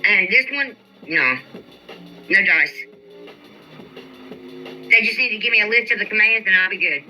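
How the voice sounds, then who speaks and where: A woman talks to her livestream viewers in a casual, drawling way. Her voice is very bright and sharp, and she vents with exasperated, profane asides as she answers comments. Faint music plays underneath. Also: mid-range voice, animated, measured pace, dull audio. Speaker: YouTube live streamer. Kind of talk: casual live-stream chat reading viewer comments.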